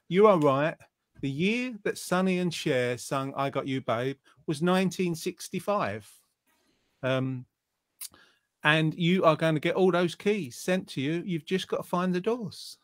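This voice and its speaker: A man's voice: fairly high pitch, measured pace, no room sound. A man hosting an online quiz show, reading out viewers' answers and teasing them in a jokey way. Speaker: quiz host.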